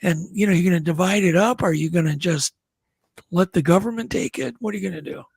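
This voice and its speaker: High-voiced husky male podcast host. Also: quick pace, a little mellow, no room sound. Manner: probing, joking questions. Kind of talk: casual interview.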